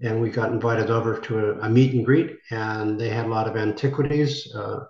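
A man's voice: on the low side, steady tone, a little fast, a little mellow. An older American man, an actor being interviewed, telling a rambling story and acting out the voices of people he quotes. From United States. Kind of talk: conversational storytelling. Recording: roomy, dull lo-fi sound.

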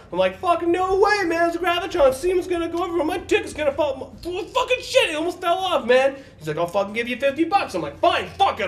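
An actor playing a crude young man who rambles through a profane story in a doctor's office, excitable and breaking into shouts. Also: very high voice, distant mic. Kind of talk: comedy sketch acting.

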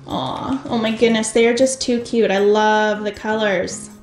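A woman hosting a toy unboxing video, gushing with excitement and talking straight to her viewers. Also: a little high, unhurried. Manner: gushing, excitable, talks to viewers as "you guys". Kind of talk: casual unboxing commentary. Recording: echoey room with faint music.

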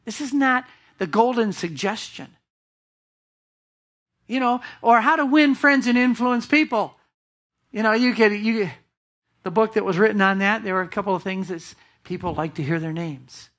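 Woman pastor, mid-pitched voice, emphatic preaching style, quizzes the congregation. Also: moderate pace. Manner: emphatic, with rhetorical questions to the congregation. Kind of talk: sermon. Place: church.

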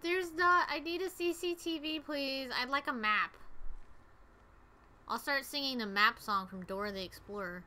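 A woman chatting excitably to viewers while streaming a video game. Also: high voice, moderate pace, a little hiss or hum. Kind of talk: casual gameplay commentary.

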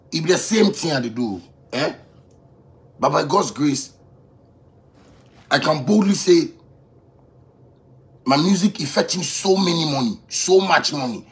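Boastful man ranting in Ghanaian Pidgin. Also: a little high. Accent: Ghanaian Pidgin English. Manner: boastful and swaggering, repeats phrases for emphasis, swings from quiet to loud. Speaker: musician addressing critics. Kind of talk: boastful off-the-cuff rant.

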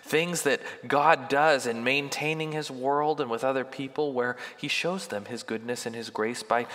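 A man's voice: mid-range voice, in a large hall. A male pastor giving a sermon in a church, talking conversationally and pressing hard on key points. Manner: conversational and emphatic, building to forceful peaks. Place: church sanctuary.

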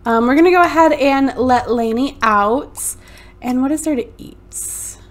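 Chatty woman narrating gameplay. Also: high voice. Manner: chatty, narrates each move. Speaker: let's play host. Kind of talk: casual gameplay commentary. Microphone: USB desktop mic.

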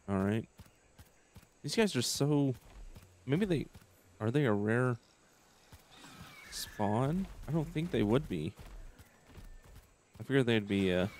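A man's voice: lowish voice, darkish tone, slight background noise. A young man giving casual let's-play commentary, thinking aloud and hesitating often. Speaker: gameplay commentator.

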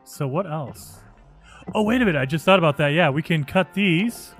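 Excitable man narrating his gameplay. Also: a little high, normal speed, slightly rough, faint music behind. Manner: excitable, thinking aloud. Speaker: gaming channel host. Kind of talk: let's play commentary.

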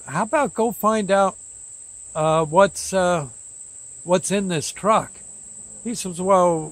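A man's voice: a little high, no room sound. Older man rambling through a story. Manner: rambling, halting, acts out the dialogue. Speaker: host. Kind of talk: casual storytelling.

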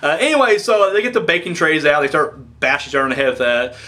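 Talking fast in a voice on the high side, a young man rambles excitedly through a casual review of a wrestling show, cursing freely and catching his own mistakes along the way.

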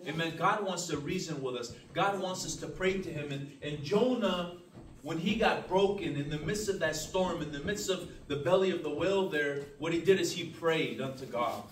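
A man's voice: on the high side, normal speed. A man teaching a church Bible class as pastor, earnest and emphatic, with frequent amens and restarts. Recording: roomy, distant mic, faint hiss.

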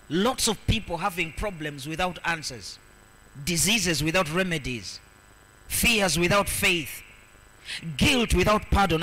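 A man preaching a sermon as pastor, reading scripture aloud and swinging between loud, emphatic declarations and soft asides. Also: a little high, slight background noise, poor audio. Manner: reads scripture aloud and repeats verses for emphasis.

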